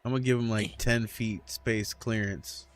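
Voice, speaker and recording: A man playing in a casual tabletop role-playing game, relaxed and unhurried. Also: on the low side, dry recording. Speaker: player.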